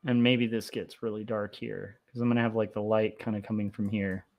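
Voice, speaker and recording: A young man chatting casually on a livestream as he draws comics, rambling with lots of fillers and getting excited about history. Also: on the low side, a little fast. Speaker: comic artist streaming his drawing. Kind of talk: casual livestream chat while drawing.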